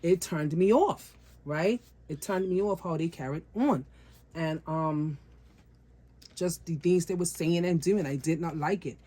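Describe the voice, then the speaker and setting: A woman's voice: on the low side, unhurried, mellow. A woman vlogger talking casually to her viewers about her doll collection, repeating phrases for emphasis and calling them guys.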